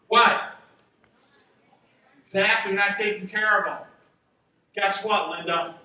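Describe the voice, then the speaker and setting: A man giving a motivational talk on stage to a live audience, going from fired-up shouts to hushed asides. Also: sits high, slow pace, long pauses. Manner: energetic, shouting at peaks, drops to a hushed aside. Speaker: chiropractor speaking at a seminar. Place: large event hall with an audience. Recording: roomy hall reverb, heard from a distance.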